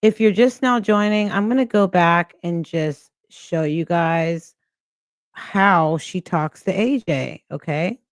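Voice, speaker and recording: A woman with a fairly low voice runs a reaction livestream, giving her viewers slow, critical, exasperated remarks in a casual way. The recording is dry and studio quality.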